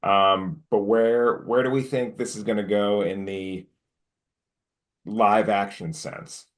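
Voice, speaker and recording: A man co-hosting a casual podcast, with a lowish voice that jumps up excitedly when he retells his own reactions. He talks informally and swears freely. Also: slow pace. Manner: animated retelling, pitch jumps when quoting himself. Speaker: podcast co-host. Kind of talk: casual chat.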